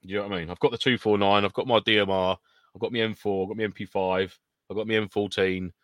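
A man's voice: lowish voice, flat delivery, fast talker, a bit bright, dry recording, clean studio sound. A man co-hosting a casual live stream, chatty and jokey, with frequent laughter. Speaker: co-host of a live airsoft stream. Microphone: in-ear monitor or earpiece.

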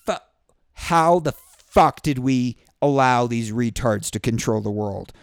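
A man's voice: animated, slow pace, smooth, no echo, clean studio sound. A man hosting a show, delivering an exasperated, profane ranting monologue and slipping into mocking impressions. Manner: exasperated, swearing, with mocking high-pitched impressions. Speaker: podcast host.

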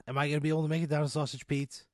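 A man playing along in an improvised comic story, with incredulous, profane deadpan reactions. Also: fairly high pitch, racing, no room sound. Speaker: player. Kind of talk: improvised comedic play.

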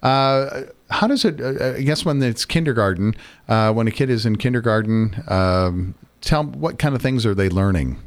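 A man's voice: medium pitch, moderate pace. A man hosting a morning radio interview segment, asking friendly, easygoing questions. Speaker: radio host.

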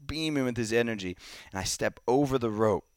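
A man casually telling a long personal story as a podcast guest, with many "like"s, sometimes dropping to a hush. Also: medium pitch, brisk, no echo, clean studio sound. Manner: animated storyteller, many "like"s, drops to a hush in quiet moments.

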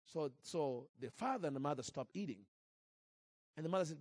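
A man preaching and telling a story in an animated way, with frequent restarts and repeated words. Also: a little high, a little fast, pauses often, no echo. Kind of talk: sermon storytelling.

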